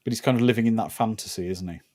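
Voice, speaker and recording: A man's voice: lowish voice, rapid-fire, mellow. A man co-hosting a casual watch-party chat, dropping dry, wry remarks. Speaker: co-host.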